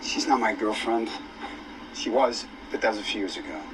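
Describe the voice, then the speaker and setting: A man's voice: lowish voice, moderate pace, natural voice. An actor playing an embarrassed young man in a film scene, speaking hesitantly and defending himself. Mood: defensive. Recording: film clip from a distance, with background noise.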